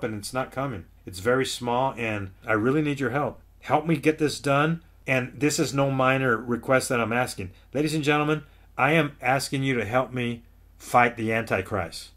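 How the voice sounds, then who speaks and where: A man hosting his own online ministry, speaking at a middle pitch. He preaches with urgency and insistence, repeating his points and addressing listeners as folks. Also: a bit bright. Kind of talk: preaching to camera.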